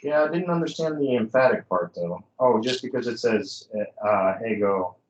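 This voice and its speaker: A man's voice: medium pitch, animated, normal speed, slight background noise, poor audio. A man in a Greek class, answering in short replies and reading out words. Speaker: student. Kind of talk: class discussion.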